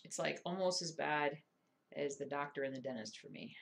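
A woman with a low, creaky voice speaks at a normal speed while doing cross-stitch. Her casual stitch-along chat is self-deprecating and chatty, and she mutters to herself as she works.

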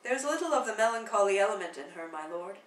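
Ruolo: anziano nobiluomo, padre orgoglioso e affettuoso, letto da una donna, stanza riverberante. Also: female voice, mid-range voice, lively intonation, fast, reverberant, recorded from a distance, close to an everyday voice, poor audio. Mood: fatherly. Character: older nobleman, proud fond father. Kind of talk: dramatic play reading.

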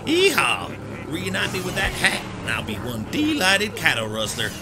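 A man's voice: high-pitched, huge pitch swings, moderate pace, background noise, pitched above the performer's own voice. A man voicing a hearty male cowboy snowman with a hollering cowboy drawl, over game music.

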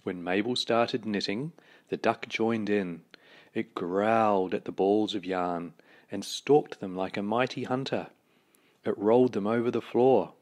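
A man reading a children's picture book aloud, with slow, expressive storytelling. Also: fairly low pitch.

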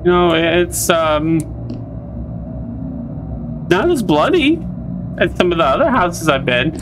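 A gamer giving casual, nervous commentary on a horror game, often talking in a high coaxing voice to the creatures on screen. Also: very animated, takes it slowly, background noise. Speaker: let's play gamer.

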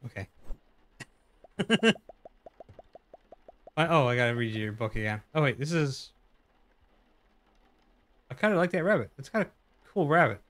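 A man's voice: medium pitch, expressive, a little slow, long pauses, a bit bright. Man, young adult, casual let's-play chatter, jumpy, playful. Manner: jumpy, joking reactions to the game. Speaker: gaming YouTuber.

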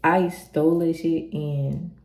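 A young woman chats her way through viewer questions in a low, mellow voice, talking bluntly, swearing freely and circling back on herself. Her voice carries the sound of an echoey room. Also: steady tone, takes it slowly. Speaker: vlogger answering viewer questions. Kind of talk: casual Q&A chat.

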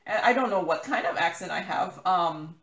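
An American crafting YouTuber chats casually as she works, rambling with plenty of fillers and correcting herself with restarts. Her voice is on the low side, expressive and a bit bright, at a moderate pace with a reverberant sound.

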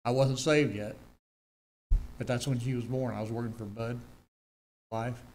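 A man's voice: mid-range voice, fairly even intonation, normal speed, a little mellow. Earnest older man giving testimony. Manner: earnest storytelling, emphatic repetitions. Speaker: church member giving testimony. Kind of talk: personal testimony.

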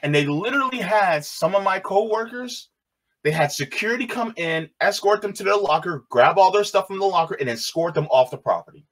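Animated man telling a personal story. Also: high-pitched, fairly quick. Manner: animated, repeats phrases, quotes others in raised voice. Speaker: video host.

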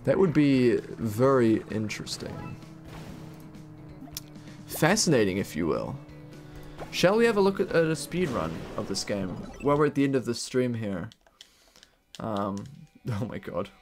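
Young New Zealand man, rambling gamer-streamer energy, mid-pitched voice, faint game music underneath. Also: very animated, measured pace, pauses often, a little mellow. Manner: rambling, laughing, swearing casually. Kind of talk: casual live-stream gaming chat.

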